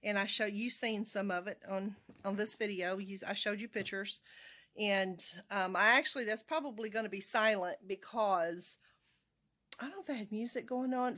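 A woman from Arkansas, chatting casually and rambling in her vlog. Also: medium pitch. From Arkansas, USA. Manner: rambling, chatty, talks to her cat in a soft baby voice. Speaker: vlogger.

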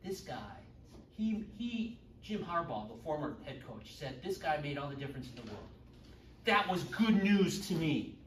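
Middle-aged guy with a highish voice teaching confirmation class, chatty and joking, echoey room, faint background hum. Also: big pitch swings, normal speed. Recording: echoey room, far from the mic.

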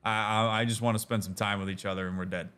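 A man voicing a gruff, weary war god and father who shrugs off all fighting, in a low, flat, dismissive mutter. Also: brisk, close to an everyday voice.

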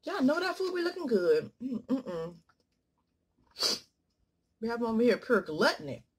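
Woman vlogger, casual eating chat, dramatic and playful, bouncy pitch. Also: very animated, quick pace, very noisy. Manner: playful, dramatic swings from loud exclamations to murmurs. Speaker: mukbang vlogger.

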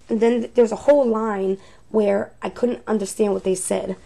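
A woman's voice: mid-range voice, steady tone, normal speed, vocal fry, mellow. A woman reviewing ghost recordings, thinking aloud in a hesitant, unsure way. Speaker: paranormal investigator.

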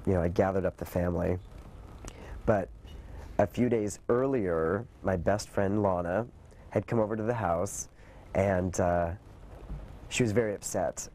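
A man's voice: low voice, a little slow, long pauses. A man recounting his own story in an interview, acting out what his mother said. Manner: animated retelling with quoted dialogue. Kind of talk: personal storytelling.

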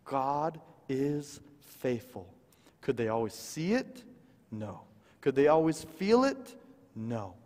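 Preacher in a reverberant church hall. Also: male voice, medium pitch, big pitch swings, slow. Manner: dynamic, swings from loud emphasis to hushed quoted lines. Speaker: guest preacher. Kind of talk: sermon storytelling. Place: church sanctuary.

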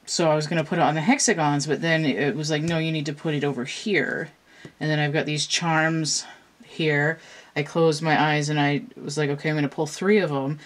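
Rambling woman talking to camera. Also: low voice. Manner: rambling, hesitant, many fillers and restarts. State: slightly out of breath. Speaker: channel host and tarot reader. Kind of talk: casual show-and-tell talk to camera.

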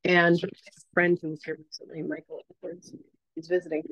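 A woman teaching a casual masterclass, telling stories in a chatty, animated way and acting out quotes. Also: on the low side, brisk, lo-fi sound. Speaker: psychic teacher.

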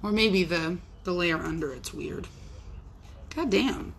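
A young woman livestreams while working on art, chatting casually in a rambling, playful way and often talking to herself. Her voice is lowish and slow, with a little hiss or hum.

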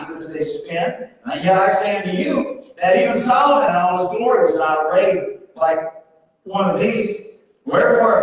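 High-voiced pastor in an echoey hall. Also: male voice. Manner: folksy storytelling, acting out voices with humor. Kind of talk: sermon. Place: church sanctuary. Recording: echoey hall, mic far off.

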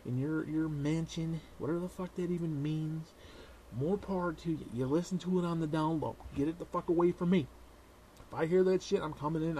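A man vlogging a profane, sarcastic comedic rant that swings between shouting and hushed whispers. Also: on the high side, a little hiss or hum.

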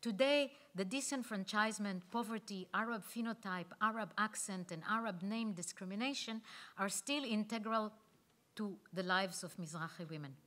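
A woman and conference speaker reading her own memoir aloud, measured and reflective, with pauses. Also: mid-range voice, fairly bright tone.

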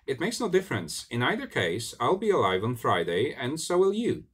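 A man voicing his own calm, matter-of-fact future self from a day later in a read-aloud story. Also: mid-range voice, normal speed, husky, voice pushed up. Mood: offhand. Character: man's future self from Thursday, calm, offhand.

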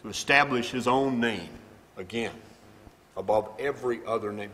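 A man preaching in a medium-pitched voice, rising from hushed passages to ringing, emphatic peaks. His words carry a long reverb, as if spoken in a large church hall. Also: normal speed. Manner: swings from quiet to loud, emphatic preaching. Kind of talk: sermon.

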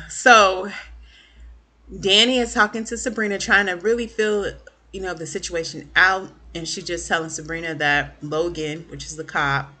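A woman casually recapping a TV episode for her viewers, chatty and animated, acting out the characters' lines. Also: low voice. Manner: chatty, lots of fillers and asides to viewers. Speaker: TV recap vlogger.

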